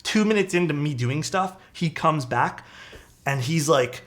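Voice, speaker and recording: A man's voice: on the high side, a little slow. Profane, chatty male streamer telling stories. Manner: loose, profane, animated storytelling with frequent laughs. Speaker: streamer building keyboards. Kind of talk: casual livestream chat and storytelling.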